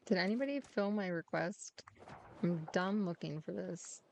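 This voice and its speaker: A woman's voice: lowish voice, unhurried, gravelly, a little hiss or hum. A woman streamer chatting casually with viewers as she plays, in a put-on Irish accent mixing Dublin with a hint of American, swearing freely and talking to her cat. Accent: put-on Irish, Dublin-ish with a hint of American. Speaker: game streamer. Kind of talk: casual gameplay chat with viewers.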